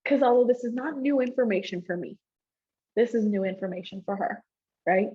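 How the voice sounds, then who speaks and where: Speaking a little fast in a mid-range, slightly rough voice, a woman shares her personal testimony with a live audience. She tells it conversationally, often checking in with "right?", and the event recording is dull and lo-fi.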